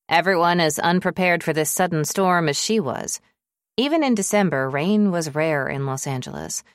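Woman audiobook narrator, deep voice, dead dry studio mic. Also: clear, resonant tone, no room sound. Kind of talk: scripted narration.

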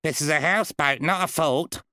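A man voicing a sharp-tongued female budgie, a wizard's familiar who is cheeky and always answers back. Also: sits low, moderate pace, dry recording, voice pushed up. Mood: sardonic.

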